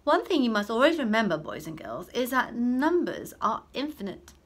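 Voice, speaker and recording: A woman's voice: fairly high pitch, very animated, moderate pace, voice pushed up. A woman voicing an old, mild-mannered male maths teacher in a storybook reading, lecturing with patience. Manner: patient, lecturing, turns sharp when irritated.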